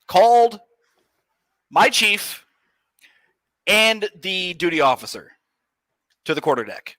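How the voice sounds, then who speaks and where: Bright-voiced young man swapping navy stories. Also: high voice, sing-song, slow, dry recording. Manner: profane, loose storyteller. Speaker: podcast guest. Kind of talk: casual storytelling chat.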